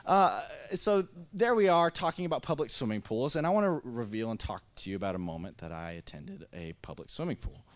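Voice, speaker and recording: A man in his thirties from Missouri, preaching a sermon to a congregation as a lively storyteller who stumbles and restarts often. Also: mid-range voice, a little fast, hardly any pauses. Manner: animated, acting out dialogue, many restarts. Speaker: pastor. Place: church service before a congregation.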